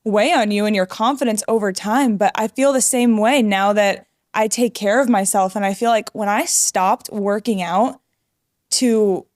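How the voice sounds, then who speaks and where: A woman's voice: mid-range voice, moderate pace, darkish tone, no room sound, clean studio sound. A young adult woman, a podcast guest, talking candidly and earnestly about her own story. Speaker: guest, app founder. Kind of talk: casual interview talk.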